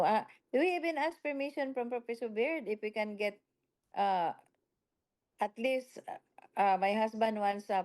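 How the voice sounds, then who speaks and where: A woman who leads a local office speaks from its small kitchen over a video call, explaining things and reassuring others in a halting way. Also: mid-range voice, a little mellow. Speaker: local office leader answering questions.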